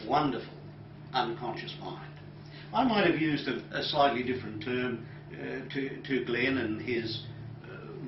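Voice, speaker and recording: A man, a hypnotherapist, recounting a client's case to an audience, telling it at an unhurried pace with many pauses and dropping soft and low for quoted lines. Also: slight background noise. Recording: roomy, distant and dull lecture audio.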